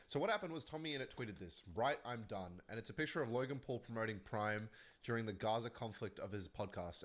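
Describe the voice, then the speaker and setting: Chatty man riffing on online drama. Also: medium pitch. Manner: animated, chatty, laughs often. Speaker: commentary vlogger. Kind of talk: casual online drama commentary.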